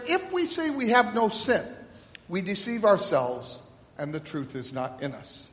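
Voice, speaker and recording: Man, pastor, solemn liturgical cadence, echoey church hall with long reverb. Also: very high-pitched. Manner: solemn liturgical cadence with call and response prompts. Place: church sanctuary.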